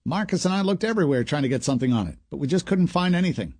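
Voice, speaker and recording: A man's voice: fairly high pitch, expressive, darkish tone, no room sound, pitched above the performer's own voice. A man voicing an apologetic male office colleague in an audiobook. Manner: apologetic, quick.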